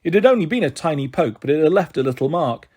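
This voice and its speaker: Husky man reading a children's story. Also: a little high, fast talker. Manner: expressive first-person narration. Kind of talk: reading a children's novel aloud.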